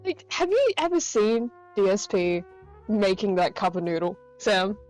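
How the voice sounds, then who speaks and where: A woman's voice: mid-range voice, big pitch swings, a little slow, darkish tone, faint music behind. A woman chatting casually as a stream guest, blunt and swearing, laughing often.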